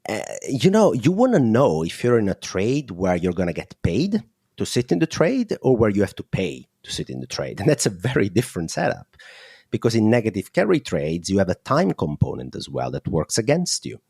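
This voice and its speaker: A man's voice: on the low side, wildly swooping pitch, a little fast, gravelly, a little mellow, breathy edge, no echo, clean studio sound. A man with an Italian accent, a guest analyst explaining markets in an interview, thinking aloud with fillers.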